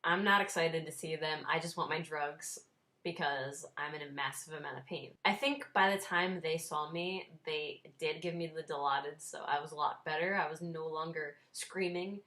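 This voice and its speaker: Wry young woman vlogger, low voice. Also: steady tone, moderate pace, pushed and bright. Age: 20s. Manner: wry, self-deprecating, laughs while telling. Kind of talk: casual storytelling vlog.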